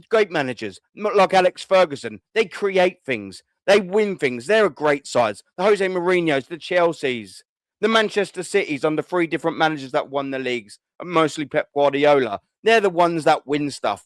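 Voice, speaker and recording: A man's voice: on the high side, no echo. A man, hosting a fan call-in show and ranting furiously, swearing and repeating himself. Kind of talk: angry fan rant.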